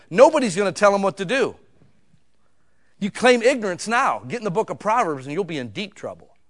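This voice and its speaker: A middle-aged man preaching in a plain, folksy manner. His voice sits a little high for a man, and he talks casually, then breaks into loud, emphatic stretches. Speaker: pastor. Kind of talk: sermon.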